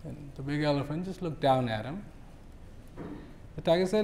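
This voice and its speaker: Animated male speaker in his fifties. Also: a little high, normal speed. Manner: relaxed storyteller, acts out animals. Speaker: invited speaker. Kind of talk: speech with storytelling.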